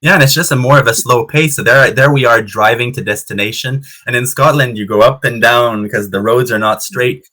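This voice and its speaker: Chatty man with a bright voice. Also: mid-range voice, a little fast, hardly any pauses. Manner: chatty, repeats words, laughs easily. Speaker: interview guest, clan society founder. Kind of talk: casual storytelling interview. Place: home in Canada. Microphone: video call.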